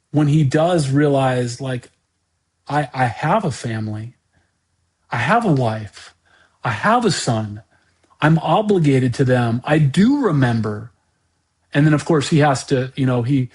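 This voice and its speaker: Higher-voiced man musing with many restarts. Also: a little mellow. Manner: halting, many repeated words and restarts. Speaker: podcast host. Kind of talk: unscripted monologue commentary.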